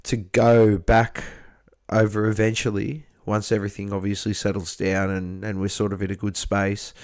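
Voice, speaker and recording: Halting man hosting a chat. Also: on the low side, completely flat delivery, darkish tone, dry recording, clean studio sound. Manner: friendly, halting, repeats words. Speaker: livestream host. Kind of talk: casual chat on a livestream.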